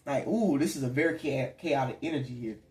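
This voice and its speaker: A man's voice: mid-range voice, fast, darkish tone. Rambling man giving a tarot reading. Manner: rambling, conversational, slips into acted quotes. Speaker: tarot reader. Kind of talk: casual spiritual reading to camera. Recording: echoey room.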